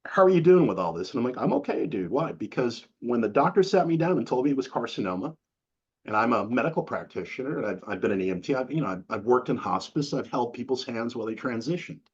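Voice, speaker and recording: A middle-aged man chats as an interview guest, acting out quotes as he tells animated stories. His voice is husky and slightly breathy. The recording sounds dull and lo-fi. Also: medium pitch, fast. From New England. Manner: animated storytelling with acted-out quotes, casual slang. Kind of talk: casual interview conversation.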